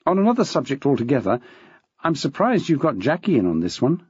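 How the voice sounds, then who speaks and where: A man's voice: mid-range voice, very animated, brisk, a little mellow, husky, no room sound. A man voicing a dry, witty older male schoolteacher with theatrical quips. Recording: dull, dry.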